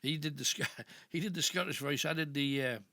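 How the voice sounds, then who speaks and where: A man's voice: on the high side, fairly quick, bright, forceful tone, no echo, studio quality. An older man with a Northeast English accent hosting a late-night radio phone-in, telling rambling anecdotes. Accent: Northeast English (Geordie). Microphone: studio microphone.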